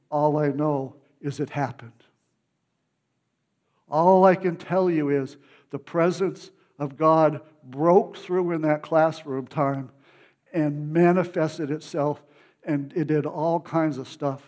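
Emotional preacher man telling a testimony. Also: a little high. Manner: emotional, animated storytelling with restarts. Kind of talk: sermon testimony storytelling.

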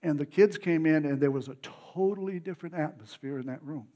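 A man preaching, telling a story of his own testimony in an emotional, animated way with many restarts. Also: fairly high pitch, brisk.

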